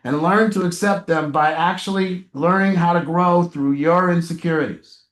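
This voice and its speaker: A man leads a recovery support group with a blunt, emphatic delivery and the occasional swear word. His voice sits high for a man. The room around him rings with echo. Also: steady tone, normal speed, fairly bright tone. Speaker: addiction recovery group coach. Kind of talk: group coaching session. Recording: roomy echo.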